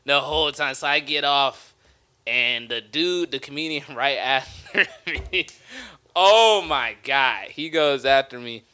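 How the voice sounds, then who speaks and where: A young man casually telling a comedy story, lively, laughing often and acting out the people in it. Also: mid-range voice, measured pace, clean tone. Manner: animated, acts out voices of others, laughs often.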